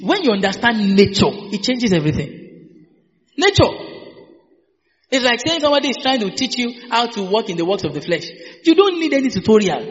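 A man's voice: high voice, a bit bright. A man preaching a sermon, drilling phrases with call-and-response and having the congregation repeat after him. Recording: dull hall reverb with faint music.

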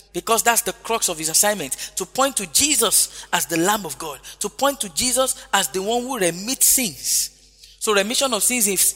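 A man's voice: high-pitched, pushed and bright. A man preaching a sermon, emphatic, repeating key phrases and calling out hallelujah often. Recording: long hall reverb with faint music.

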